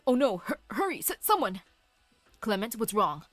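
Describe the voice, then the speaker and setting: A woman's voice: on the high side, sing-song, moderate pace, dry recording, faint music behind. A woman voicing a panicked townsperson who stammers and speaks with urgency.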